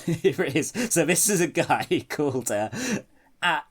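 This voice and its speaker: A man's voice: fairly high pitch, lively intonation, unhurried, slightly rough. A man hosting a comedy podcast in casual chat, rambling, swearing and laughing often. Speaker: podcast host.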